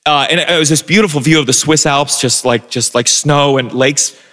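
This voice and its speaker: A man telling a self-deprecating personal story on a live stage, animated, with stumbling restarts. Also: fairly high pitch, moderate pace, in a large hall. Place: live stage before an audience.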